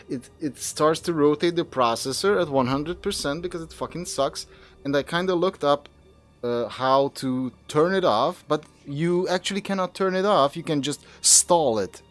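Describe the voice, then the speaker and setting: Young dude streaming a game, kinda high voice, swears a lot, music faint behind. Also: male voice, moderate pace. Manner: cursing, exasperated at the game. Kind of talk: live gameplay commentary.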